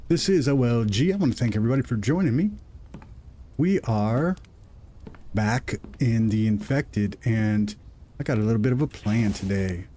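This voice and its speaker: A man's voice: medium pitch, expressive, normal speed, dark tone, a little hiss or hum. A middle-aged man hosting a live gaming stream, rambling and self-deprecating as he talks through his progress into a desk microphone at home. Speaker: gaming livestream host. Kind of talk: live gameplay commentary.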